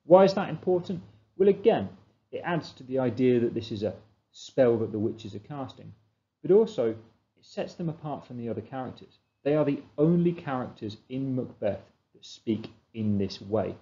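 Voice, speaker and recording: A man's voice: medium pitch, expressive, moderate pace, mellow, muffled recording. A man explaining a literature text in a revision lesson, asking questions and answering them himself. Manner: explanatory, asks and answers his own questions. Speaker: teacher.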